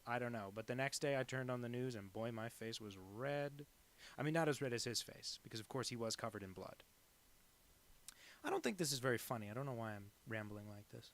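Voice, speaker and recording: Male cartoonist streamer, gravelly fry in the voice, deadpan and rambling as he draws live. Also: medium pitch. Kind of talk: casual chat while drawing live.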